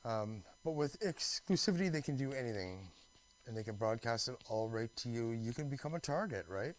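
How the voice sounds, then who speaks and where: A man's voice: medium pitch, expressive, a little fast, low-quality recording. A man from Canada talking in a rambling, restless monologue, full of restarts, fillers and swearing. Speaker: vlogger.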